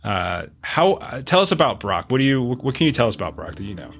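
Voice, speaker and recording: A man's voice: medium pitch, very animated, quick pace, fairly bright tone. A man narrating as game master of a tabletop game, loose and repeating words.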